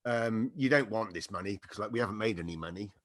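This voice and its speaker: Fast-talking and fairly low-pitched, a middle-aged podcast guest spins a humorous anecdote in a relaxed chat. He laughs along and performs the quotes in the story.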